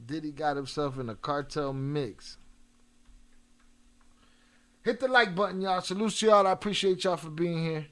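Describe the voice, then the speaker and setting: Male streamer with a Chicago accent, slangy, laid-back chat, a bit high-pitched. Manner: loose, slangy, reads chat aloud. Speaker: livestream host reacting to videos. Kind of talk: casual live stream chat.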